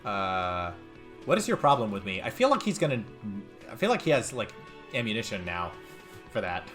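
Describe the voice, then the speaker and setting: A man's voice: lowish voice, sing-song, normal speed, a bit bright, soft background music. A man casually commenting while playing a video game, joking at his own expense. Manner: casual, self-mocking. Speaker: let's play host. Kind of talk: gameplay commentary.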